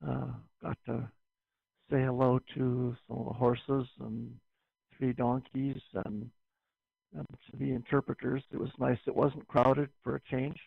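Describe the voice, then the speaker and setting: Gravelly man on a tinny radio link. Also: medium pitch, level tone, no echo. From Canada. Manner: easygoing, unhurried small talk. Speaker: radio net caller. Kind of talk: ham radio net chat.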